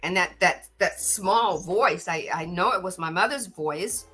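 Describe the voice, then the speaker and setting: A woman's voice: lowish voice, a little slow, pushed and bright, breathy edge, soft background music. A middle-aged woman hosting a podcast, giving an earnest spiritual talk and often repeating words as she gathers her thoughts. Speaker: podcast host.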